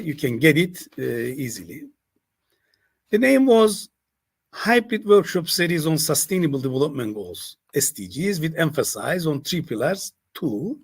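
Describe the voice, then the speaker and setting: An older man whose first language is Turkish delivers a university presentation in English. His voice is husky, and his pitch rises and falls a lot. He halts often and repeats phrases as he goes. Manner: halting, with fillers and repeated phrases. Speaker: university lecturer. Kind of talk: academic presentation.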